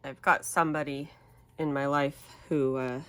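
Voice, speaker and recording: A low-pitched woman talks in a slow, unhurried way as she chats while crafting. A cold leaves her voice stuffy and nasal. She rambles and restarts her sentences in a relaxed manner. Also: no room sound. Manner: rambling, relaxed, self-correcting. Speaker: crafting channel host. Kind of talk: casual chat while crafting.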